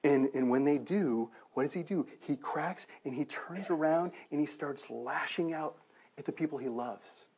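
A man, around his thirties, preaching a sermon in a conversational, animated way, full of rhetorical questions. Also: on the high side, normal speed, noisy background. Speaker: pastor.

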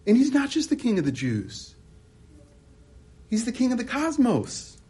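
Male preacher, lively pitch, husky tone, rhetorical and conversational, restarts a lot. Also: a little slow. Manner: animated, rhetorical questions, frequent restarts. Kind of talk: expository sermon.

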